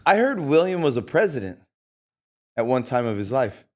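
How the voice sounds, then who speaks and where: A man's voice: medium pitch, very animated, normal speed. A man co-hosting a casual church podcast chat, joking loosely and saying "bro" a lot. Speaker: podcast co-host.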